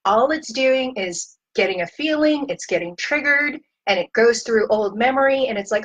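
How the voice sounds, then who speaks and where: A woman family therapist giving a casual, conversational talk to parents, acting out what parents and teens say in quick asides. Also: on the high side, lively intonation, a bit bright, rough recording.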